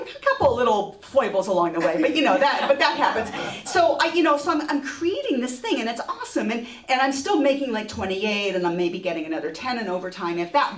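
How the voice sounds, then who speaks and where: Lively storyteller woman, echoey hall. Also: mid-range voice. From Texas. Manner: lively, self-mocking, laughing through the story. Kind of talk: live true-story telling. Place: museum event space before an audience. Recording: echoey room, voice from far off.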